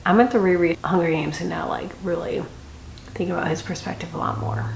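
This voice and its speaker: A woman's voice: lowish voice, steady tone, fairly quick, gravelly. A young woman giving a casual, chatty book review with dramatic reactions and rambling asides. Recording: echoey room with faint noise.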